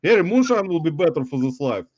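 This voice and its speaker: A man's voice: fairly high pitch, very animated, fast talker, a little mellow, no echo. A man hosting a casual livestream chat, joking loosely and laughing often as he welcomes people. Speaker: livestream host. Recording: dull, lo-fi stream audio.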